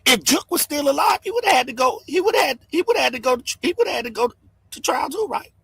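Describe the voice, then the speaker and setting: High-pitched yelling man. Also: very animated, fast talker, creaky. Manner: yelling, fired-up, cursing. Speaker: livestream host. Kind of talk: loud commentary livestream. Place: home.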